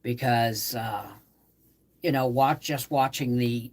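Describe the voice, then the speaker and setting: A middle-aged woman hosting a casual live stream, tired from a migraine, talking softly and trailing off as she greets viewers. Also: rumbling low, steady tone. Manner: slow, soft-spoken, trailing off, greeting viewers warmly by name. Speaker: livestream host.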